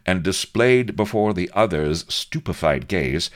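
A man reading a comic adventure story aloud as narrator, with wry, lively storytelling. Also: low-pitched, measured pace. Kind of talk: audiobook narration.

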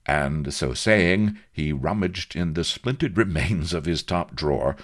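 Deep-voiced man narrating a comic tale. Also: a little slow. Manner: wry, comic storytelling with lively emphasis. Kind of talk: audiobook narration.

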